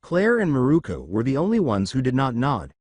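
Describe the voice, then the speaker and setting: A man reading fan fiction aloud with a steady storytelling manner. His pitch moves in a lively way. The recording is dry and close. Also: a little fast, breathy edge, dry recording. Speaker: narrator.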